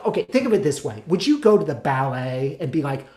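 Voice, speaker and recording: Animated man telling a comic story. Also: a little high, a little fast, hardly any pauses, reverberant. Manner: animated, exasperated and chatty. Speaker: solo stage performer.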